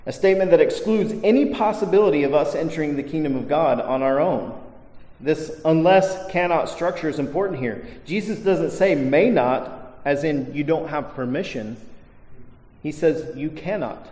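A man's voice: fairly high pitch, animated, moderate pace, dark tone. A male pastor preaching a sermon to a congregation, stressing key words with emphasis. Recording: echoey hall reverb.

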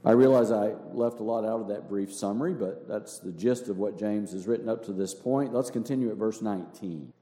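Mellow-voiced pastor in an echoey hall. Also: male voice, lowish voice, fairly quick, few pauses. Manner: explanatory teaching tone with rhetorical questions and repetition. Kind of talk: sermon. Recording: echoey hall with long reverb.

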